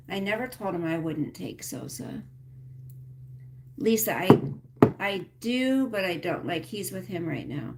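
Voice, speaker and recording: A woman's voice: fairly low pitch, expressive, slow, vocal fry, pauses often, a little hiss or hum. A woman hosting a casual livestream, rambling and venting with lots of fillers and some swearing. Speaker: livestream host.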